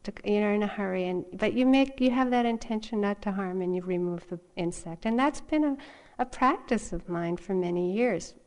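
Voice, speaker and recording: A middle-aged woman teaching meditation, her voice sitting at an ordinary middle pitch. She tells a personal story gently and without hurry, laughing often as she goes. It is a calm dharma talk. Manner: soft, unhurried storytelling with laughter.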